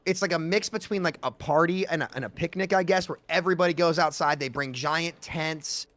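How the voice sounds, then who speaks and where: A young man from the United States chats on a podcast call and tells long, animated stories packed with fillers. His voice sits a bit high and sounds dry and close, with no room around it. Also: a little fast, dry recording. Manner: animated storyteller, lots of fillers. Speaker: podcast co-host. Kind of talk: casual chat.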